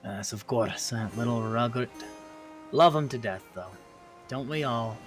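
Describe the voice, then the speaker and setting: A man's voice: medium pitch, measured pace, faint music behind, pitched below the performer's own voice, lightly acted. A man voicing a chatty, affectionate woman. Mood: fond. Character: chatty woman, fond and gossipy.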